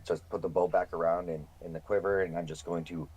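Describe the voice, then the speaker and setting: A man playing in a tabletop game, describing his character's actions in an unhurried way. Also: sits low, level tone, darkish tone, husky. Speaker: player. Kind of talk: casual tabletop play.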